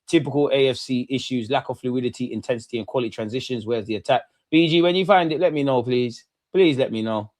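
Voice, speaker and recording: A young man hosting a football watchalong, talking in animated, slangy, ranting bursts that settle into calmer match analysis. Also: mid-range voice, fast, hardly any pauses, no room sound. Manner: animated, slangy, rants then calms. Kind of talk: casual post-match reaction.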